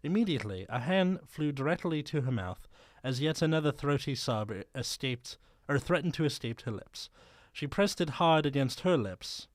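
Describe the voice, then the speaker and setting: A man's voice: fairly high pitch, lively intonation, moderate pace, no room sound, studio quality. A man reading fan fiction aloud on a podcast, stumbling over words and laughing as he goes. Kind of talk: comedic dramatic reading with banter.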